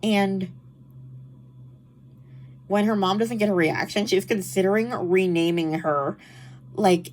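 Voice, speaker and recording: A woman's voice: medium pitch, fairly even intonation, slow, long pauses, slight background noise. A woman with a nasal, allergy-stuffed voice chatting casually about books she read, full of "like" and exasperated asides. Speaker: book vlogger. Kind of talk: casual book wrap-up chat.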